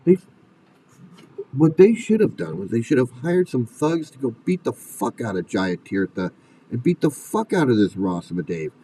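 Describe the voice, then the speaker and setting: A man's voice: medium pitch, sing-song, moderate pace, warm tone, breathy edge, far from the mic, low-quality recording. A man delivering an angry commentary rant, swearing and firing off furious rhetorical questions. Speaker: commentary video host.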